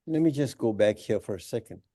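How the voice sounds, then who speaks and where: A man teaching a Quran study class at an Islamic center, explaining the grammar of the Arabic verses in a measured, deliberate lecture with emphatic phrases. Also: lowish voice, animated, dark tone.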